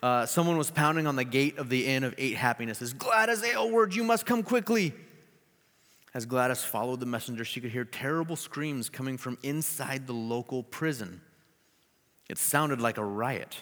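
A man preaching a sermon, telling a story with animated delivery and joking asides. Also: mid-range voice, normal speed, long reverb tail. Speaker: pastor.

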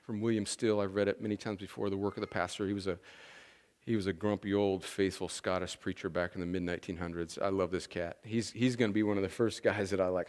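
A man's voice: deep voice, a little mellow. A man preaching a sermon as pastor, talking in a conversational, emphatic way that often restarts its sentences.

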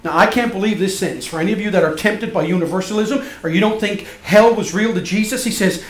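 A man preaches with a high, ringing voice that swings from loud and emphatic to soft and hushed. The sound is roomy and echoey, as in a church sanctuary. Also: quick pace, hardly any pauses. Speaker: pastor. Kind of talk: sermon.

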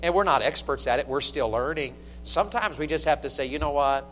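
A man preaching a sermon to his church, animated and swinging between loud and hushed. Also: on the high side, brisk. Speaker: pastor. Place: church sanctuary. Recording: long hall reverb, faint hum.

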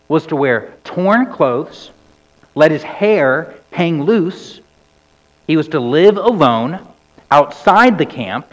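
A man preaching a sermon. His delivery sinks low and soft on key words and climbs to loud cries when he quotes scripture. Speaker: pastor. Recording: dull recording with long hall reverb.

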